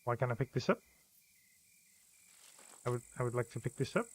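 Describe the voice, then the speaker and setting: A man's voice: medium pitch, expressive, brisk. A man streaming a survival game, swearing freely and talking himself through the play. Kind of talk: live gameplay commentary. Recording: faint background noise.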